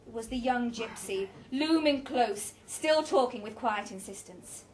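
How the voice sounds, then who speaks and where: A woman's voice: a little high, animated, measured pace, slight background noise. A woman reading a story aloud with a dramatic, varied delivery.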